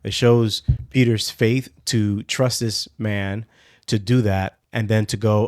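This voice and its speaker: A man's voice: on the low side, little pitch movement, slow pace, a little mellow, dry recording, studio quality. A man co-hosting a podcast, talking loosely about Bible stories with plenty of casual fillers. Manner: loose and conversational, many fillers like "like" and "you know what". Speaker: podcast co-host.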